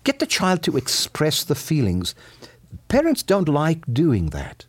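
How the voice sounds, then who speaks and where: A man's voice: huge pitch swings, unhurried, no echo. A man speaking as a psychologist guest in an interview, explaining earnestly with his voice rising and falling widely. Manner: earnest, explanatory, voice swooping high and low. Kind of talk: radio interview.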